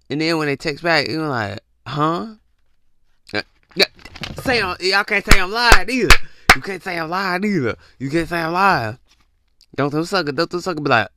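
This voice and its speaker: Animated man ranting close to the mic. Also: normal speed, no echo. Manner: animated, acts out confused texters in jumpy high voices. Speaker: podcast host. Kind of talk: casual comedic rant.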